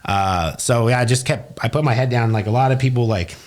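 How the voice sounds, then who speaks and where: A man telling his story in a casual interview, animated and full of swearing. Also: medium pitch. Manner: fast, profane, animated storytelling. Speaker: guest, business owner.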